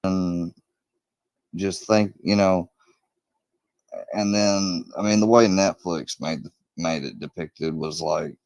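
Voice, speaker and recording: A man's voice: low voice, fairly even intonation, slow, gravelly, long pauses, a little mellow, no echo. A man telling a crime story in a casual, rambling way, swearing often and acting out quoted lines in a raised voice.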